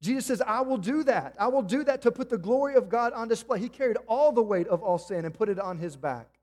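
A man preaching in a church, his voice pitched high for a man. He builds his points through earnest, emphatic rhetorical questions. The sound carries a long reverb, as from a large sanctuary. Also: expressive, fairly quick, a little mellow. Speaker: pastor. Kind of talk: sermon.

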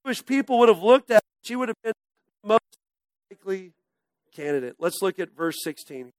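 A pastor preaching a casual, conversational sermon, often dropping to a near-hush at the ends of phrases. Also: male voice, high-pitched, lively intonation, brisk, no room sound.

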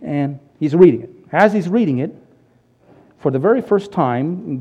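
Guy preaching a radio sermon, tells the story like he's acting it, kinda high pitched. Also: moderate pace, breathy edge, highs cut off. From United States. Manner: animated storyteller, acts out quotes. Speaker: pastor. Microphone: radio broadcast recording.

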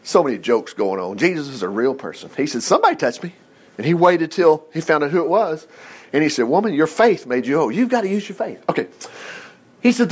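A man in his fifties preaching a conversational, animated sermon and acting out the quotes he reads. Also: a little high. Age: 50s.

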